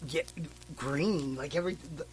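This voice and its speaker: Man, fairly high voice, casual podcast chat, rambling comic recap, swears. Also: a little slow, slight background noise, rough recording. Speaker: podcast co-host.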